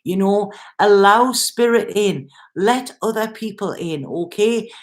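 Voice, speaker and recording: A woman's voice: medium pitch, slow pace. A woman giving a tarot reading to camera, talking straight to the viewer in a chatty, reassuring way and repeating herself. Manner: addresses viewer directly. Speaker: tarot reader.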